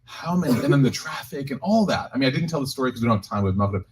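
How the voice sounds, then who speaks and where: An imam with a mid-range voice addresses a community group gathered in a room, first telling a funny story in an animated way, then slowing into a closing prayer. The low-quality recording has slight background noise.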